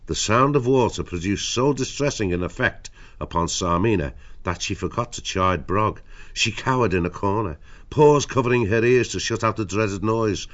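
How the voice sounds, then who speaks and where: A man narrating a children's animal story in a measured, even way. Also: lowish voice. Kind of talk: audiobook narration. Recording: dull lo-fi audio.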